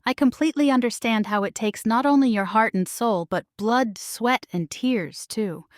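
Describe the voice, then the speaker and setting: A woman voicing a gentle, motherly woman who takes charge, in an audiobook. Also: a little high, normal speed, no echo, clean studio sound, natural voice. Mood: caring. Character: calm motherly woman baker friend.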